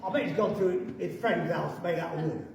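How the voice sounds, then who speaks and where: A man's voice: on the high side, fairly quick, vocal fry, crowd noise, pitched below the performer's own voice. A man voicing a big bad wolf with comic pantomime bluster. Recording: echoey church from far off, noisy.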